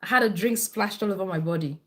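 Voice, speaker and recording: Brief: woman nurse host, casual livestream chat, repeats points, reads comments, mid-pitched voice. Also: fast. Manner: chatty, repeats herself, reads out viewer comments. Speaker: nurse and midwife hosting a live health show.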